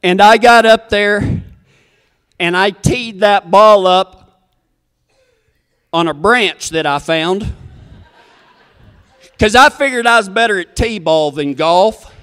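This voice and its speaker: A man's voice: high-pitched, slow, long pauses, fairly bright tone, smooth, in a large hall. A man telling a comic story in a folksy, rambling, self-deprecating way.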